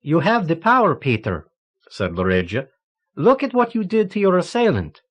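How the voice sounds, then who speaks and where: A man voicing a scheming older cardinal who sounds insistent and smooth. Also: a little high, wildly swooping pitch, normal speed, pitched above the performer's own voice. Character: scheming elderly male cardinal, falsely sincere.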